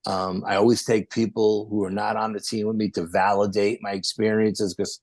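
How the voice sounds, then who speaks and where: A man, a podcast guest telling a rambling, animated story full of quoted dialogue. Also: on the low side, moderate pace, no echo. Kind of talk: casual storytelling.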